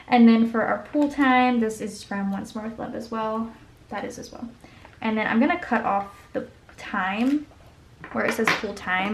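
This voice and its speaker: A woman's voice: on the high side, moderate pace, background noise. A young woman, chatting and rambling through a story while decorating her planner, filling it with "like". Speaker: planner vlogger.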